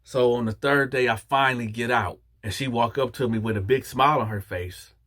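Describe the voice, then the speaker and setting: A man hosting his channel, telling a story in a casual monologue with animated delivery, talking straight to his viewers. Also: medium pitch, a little fast. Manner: animated, addresses viewers directly.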